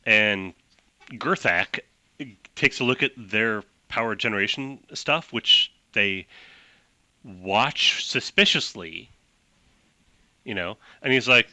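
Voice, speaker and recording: A man's voice: on the low side, unhurried, bright, forceful tone, no echo. A man running a tabletop game as game master, rambling and laughing as he narrates.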